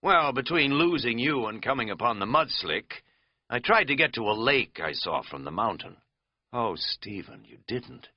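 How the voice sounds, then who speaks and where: A man's voice: mid-range voice, big pitch swings, normal speed, no room sound, highs cut off. A man voicing a rambling, folksy middle-aged American man who talks in a chatty, self-mocking drawl.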